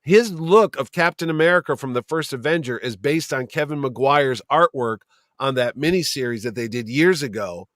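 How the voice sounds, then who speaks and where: A man's voice: mid-range voice, normal speed, dry recording, clean studio sound. A man who produces and owns a comic convention, telling stories in a casual chat with loose swearing. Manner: storytelling, animated, swears casually.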